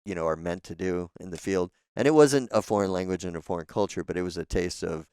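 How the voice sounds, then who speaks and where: A man with a low, gravelly voice that stays smooth and resonant, spinning casual, salty stories as a podcast guest. He sounds relaxed and laughs easily. The sound is dry and close on a studio mic. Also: quick pace, dry recording. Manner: relaxed, profane, laughs often. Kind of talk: casual storytelling.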